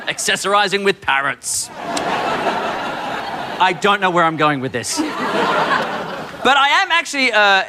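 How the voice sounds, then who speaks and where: A man's voice: high-pitched, takes it slowly, long pauses. An Australian man hosting a talk show, delivering a playful comedy monologue in a studio. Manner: playful, animated, jokey. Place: TV studio with live audience. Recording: studio audience laughter and crowd noise.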